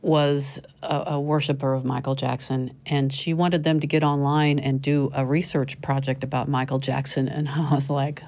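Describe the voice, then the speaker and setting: A middle-aged woman hosting a casual panel chat, talkative and quick to laugh, often correcting herself. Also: rumbling low, flat delivery, darkish tone. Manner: chatty, laughing, self-correcting. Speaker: show host.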